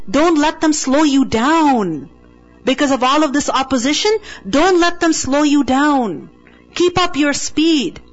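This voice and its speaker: A woman with a high voice teaches a class on the meaning of a Quranic word. She speaks with firm emphasis and keeps checking in with quick rhetorical questions. The recording sounds dull and lo-fi, with faint music behind her.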